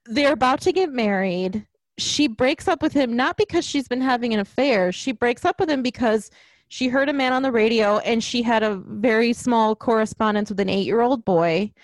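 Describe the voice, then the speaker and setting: A woman's voice: on the high side, moderate pace, dry recording. A woman ranting in casual chat about a film, acting out lines as she goes. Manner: ranting, animated, acts out quotes.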